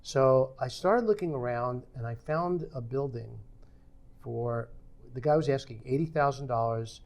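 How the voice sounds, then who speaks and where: A man's voice: medium pitch, unhurried, a little mellow. An older man telling a story from his working life in a podcast conversation, acting out the quoted dialogue as he goes. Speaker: podcast guest.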